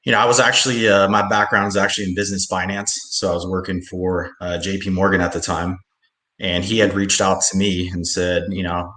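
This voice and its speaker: A man, a business owner, talking as an interview guest over a video call in a relaxed way with many fillers. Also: sits low, fairly quick. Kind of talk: casual interview chat. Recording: echoey room.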